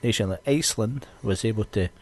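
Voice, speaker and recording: A man's voice: on the low side, fairly quick, breathy edge. Sweary Scottish man ranting. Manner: sweary, ranting, animated storytelling. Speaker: podcast host. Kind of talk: casual podcast chat.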